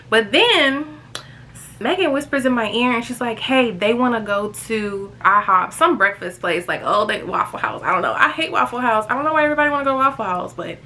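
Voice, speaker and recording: Bright chatty young woman vlogger. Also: slight background noise. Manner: chatty, animated, jumps high when quoting friends. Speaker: storytime vlogger. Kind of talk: casual storytime vlog.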